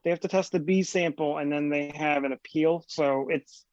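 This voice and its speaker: A man's voice: a little high, steady tone, normal speed, darkish tone, dry recording, muffled recording. A man chatting on a podcast, explaining things matter-of-factly with stammered restarts. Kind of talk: casual chat.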